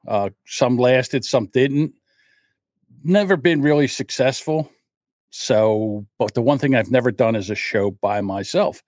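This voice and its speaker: A man's voice: medium pitch, animated, measured pace, no echo, clean studio sound. An older man hosting his own podcast livestream alone, rambling in a self-deprecating way and openly nervous. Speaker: podcast host. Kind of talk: solo livestream chat.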